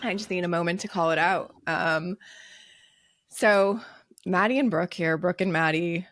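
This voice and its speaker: A woman's voice: lowish voice, a little slow, a bit bright, dry recording, studio quality. A young American woman co-hosting a podcast, chatty and bubbly, with lots of fillers. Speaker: podcast co-host. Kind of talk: casual chat.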